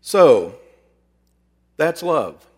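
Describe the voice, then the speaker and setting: A man's voice: fairly high pitch, sing-song, extremely slow, husky. Earnest preacher man in a reverberant hall. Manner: earnest, conversational, with dramatic swings in loudness. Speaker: preacher and counselor. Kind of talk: storytelling sermon. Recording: long reverb in a large hall.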